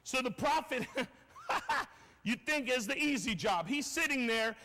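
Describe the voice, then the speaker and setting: High-voiced, lively, slangy preacher. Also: male voice, a little slow. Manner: animated, slangy storytelling preaching that swings between shouting and quiet asides. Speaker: pastor. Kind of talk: sermon. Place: church sanctuary. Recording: long reverb of a church hall.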